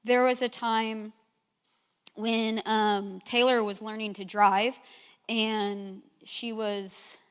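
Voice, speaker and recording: A woman's voice: on the high side, level tone, takes it slowly, smooth. A middle-aged woman giving a sermon, telling candid stories about her own life and acting out her own reactions. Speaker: speaker at a church gathering. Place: church sanctuary. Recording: long hall reverb.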